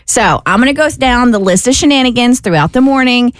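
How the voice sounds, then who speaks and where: Brisk woman radio co-host. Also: fairly high pitch, expressive, no echo, clean studio sound. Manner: brisk, explaining rules, chatty. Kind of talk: morning radio banter.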